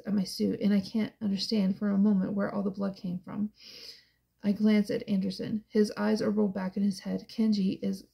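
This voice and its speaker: A woman reading a first-person novel aloud as an audiobook narrator, in a hushed, tense and emotional way. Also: medium pitch, gravelly.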